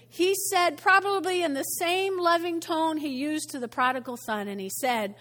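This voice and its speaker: High-voiced woman pastor preaching slowly. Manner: animated, conversational, asks the congregation questions. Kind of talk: sermon. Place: church. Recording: long church hall reverb.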